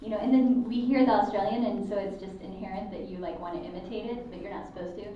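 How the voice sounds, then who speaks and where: A woman's voice: medium pitch, steady tone, fast, a little hiss or hum. A woman voice actor telling a rambling anecdote on a panel, chatty and laughing. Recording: echoey hall, distant, dull sound.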